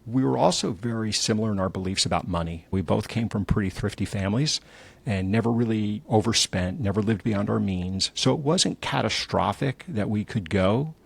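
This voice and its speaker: Middle-aged male guest, low husky rasp, lively anecdotes. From New Jersey. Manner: animated storyteller, acts out quotes. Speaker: entrepreneur guest. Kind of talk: candid conversational storytelling.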